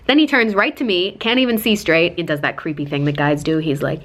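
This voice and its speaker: A woman's voice: lowish voice, big pitch swings, fast talker, few pauses, a bit bright. A young woman in her twenties telling a chatty storytime, full of likes and quoting people in put-on voices. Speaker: lifestyle vlogger. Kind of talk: casual storytime.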